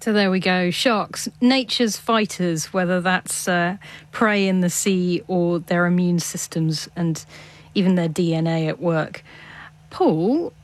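A woman hosting a radio science show, moving briskly between guests and topics. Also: fairly low pitch. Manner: brisk, conversational linking. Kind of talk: radio presenting.

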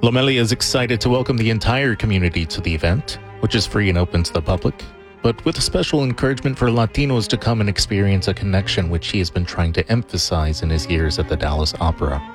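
A male radio reporter with a fairly low voice reads a scripted news segment in a measured, even delivery. A clear music bed runs beneath his words throughout.

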